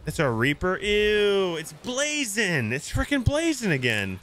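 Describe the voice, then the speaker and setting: Excitable high-voiced male streamer. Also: measured pace, few pauses, slight background noise. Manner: excitable, indignant outbursts, talks to his chat. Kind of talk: live gameplay commentary.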